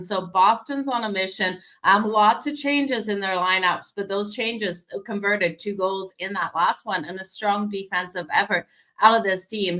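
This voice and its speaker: Bright woman doing daily hockey betting picks, bit hoarse, chatty and upbeat, talks right to the viewers. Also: mid-range voice. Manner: energetic, conversational, addresses viewers directly. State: hoarse, losing her voice. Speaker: sports betting show host.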